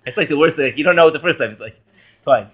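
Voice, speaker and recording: A man, a rabbi, teaching a Torah class in a lively way, quizzing and joking with his students. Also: a little high, fast talker, breathy edge, narrow, tinny audio.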